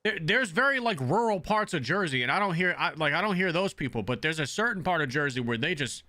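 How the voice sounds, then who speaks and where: Guy from the northeast streaming games, talks blunt and cusses constantly, kinda rambly, sharp bright tone. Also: a little high, animated, fast talker. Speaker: game streamer. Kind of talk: casual chat while streaming.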